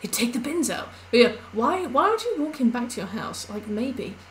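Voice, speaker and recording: A woman's voice: on the high side, big pitch swings, moderate pace, slight background noise, low-quality recording. A young woman chatting casually on a live stream while she plays, rambling through stories with lots of fillers.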